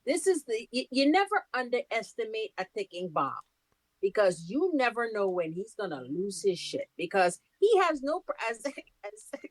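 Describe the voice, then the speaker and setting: A woman's voice: a little high, sing-song, normal speed. A woman co-hosting a podcast in casual chat, giving emphatic, opinionated takes on a show. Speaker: podcast co-host.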